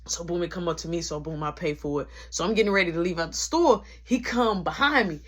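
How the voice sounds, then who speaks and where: A woman's voice: on the low side, fast talker, husky. Slangy woman telling a workplace story. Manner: animated, slangy, breaks into quoted voices. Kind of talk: casual storytime vlog.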